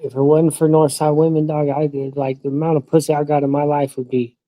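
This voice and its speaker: A man's voice: on the high side, level tone, fairly quick, no room sound, dull audio. A young man chatting casually on a livestream, slangy and swearing, laughing often. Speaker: streamer. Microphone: streaming mic.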